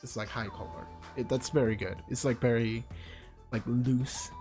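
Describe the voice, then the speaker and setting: A woman's voice: very deep voice, steady tone, normal speed, a little mellow. A woman streaming a visual novel, rambling through blunt, offhand opinions on the characters, with faint game music behind her. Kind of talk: casual let's-play commentary, reading dialogue aloud.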